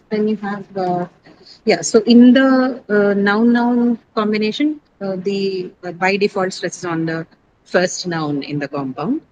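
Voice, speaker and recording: A woman's voice: mid-range voice, takes it slowly, muffled recording. Woman teacher explaining over noisy line. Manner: explanatory, often checks with "right?". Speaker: English teacher. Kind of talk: online class lecture.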